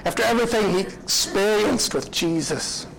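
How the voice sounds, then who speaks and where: A man's voice: sits high, normal speed, creaky, fairly bright tone, a little hiss or hum, rough recording. A man preaching a sermon, retelling a story in an earnest, reflective way.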